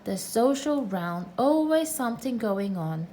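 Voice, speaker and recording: A woman voicing a gloomy old donkey who speaks slowly and self-importantly. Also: a little high, expressive, mellow, slight background noise. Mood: glum. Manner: slow, mournful, self-important.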